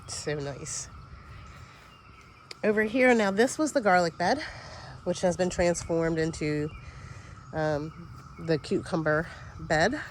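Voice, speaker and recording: A woman's voice: lowish voice, slow pace, long pauses, slight background noise. A woman giving a casual tour of her vegetable garden outdoors, chatty and easily distracted, sniffling a little as she talks.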